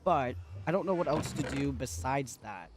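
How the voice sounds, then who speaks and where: A man's voice: medium pitch, expressive, moderate pace, music in the background. A man chatting playfully to his viewers while livestreaming a game, giggling often and talking to chat. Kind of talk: casual gaming livestream chat.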